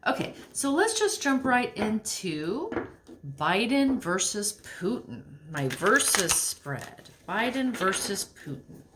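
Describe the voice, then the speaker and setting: A woman giving a casual tarot reading to camera in a chatty, animated way. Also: mid-range voice, takes it slowly, background noise. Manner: chatty, animated, drops to near-whisper while shuffling. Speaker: tarot reader.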